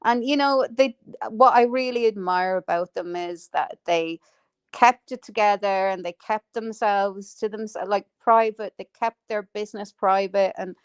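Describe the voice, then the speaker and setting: A woman's voice: medium pitch, normal speed, clear, resonant tone, no echo. A woman with a Dublin Irish accent chats casually on a livestream and greets viewers by name as she goes. Her voice sits in the middle of the range. The sound is dry and close, with no room behind it. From Ireland. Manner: chatty, greets viewers in the chat. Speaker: livestream co-host. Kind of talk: casual chat.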